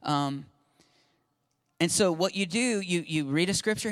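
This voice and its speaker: A man's voice: high voice, unhurried, clear, resonant tone. A man in his forties giving an informal, earnest sermon-style talk on faith and parenting, acting out quotes as he goes. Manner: earnest, lively, acts out quotes. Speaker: Christian speaker on parenting.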